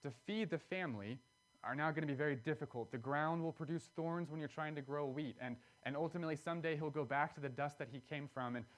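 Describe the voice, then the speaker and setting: A man preaching a sermon, earnest and explanatory, pressing key words with emphatic rises. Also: a little high.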